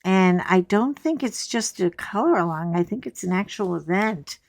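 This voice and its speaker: A middle-aged woman, hoarse while recovering from laryngitis, chatting casually and rambling with wry humor as she hosts her coloring channel from a chair at home. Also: medium pitch, expressive, normal speed, darkish tone, dry recording. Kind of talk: casual chat.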